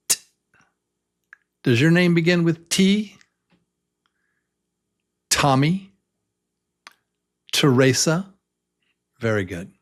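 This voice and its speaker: A man teaching a beginner English pronunciation lesson, patiently repeating each letter sound and inviting the listener to try. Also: a little high.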